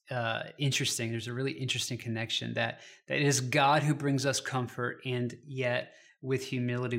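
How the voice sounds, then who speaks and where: Gentle reflective male pastor. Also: medium pitch. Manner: gentle, reflective, personal storytelling with scripture reading. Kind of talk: devotional sermon.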